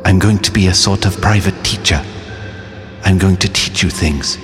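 A man voicing a proud, commanding male wind-up toy soldier who talks in a slow, coaxing, deliberate way. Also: low-pitched, natural voice. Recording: reverberant audiobook with faint music.

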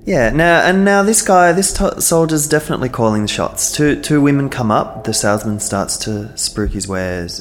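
A man's voice: mid-range voice, soft background music. A man co-hosting a podcast, chatting casually and animatedly. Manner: animated, chatty, quick to react. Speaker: podcast co-host. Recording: long hall reverb, faint noise.

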